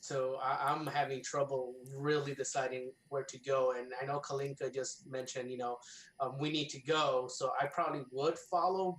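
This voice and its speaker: During a casual tabletop game, a male player speaks hesitantly and keeps restarting his sentences. His voice is mid-range and fairly bright, and the room sounds spacious.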